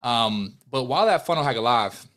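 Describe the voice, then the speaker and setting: A man's voice: medium pitch, expressive, fairly quick, fairly bright tone. A young adult man, a podcast guest and business owner, telling a heartfelt story in an earnest, emotional way, full of restarts and quoted dialogue.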